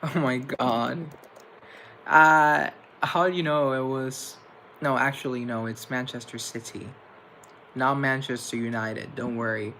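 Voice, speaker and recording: A man's voice: mid-range voice, fairly even intonation, measured pace, pushed and bright, slight background noise, poor audio. A young man hosting a live stream, casually chatting with viewers and answering their comments in a playful, campy way. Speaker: livestream host.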